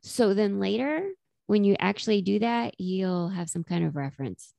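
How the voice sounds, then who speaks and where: Animated woman acting out quotes. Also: medium pitch, normal speed, creaky, no room sound. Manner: animated, acts out quotes with laughter. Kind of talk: casual chat.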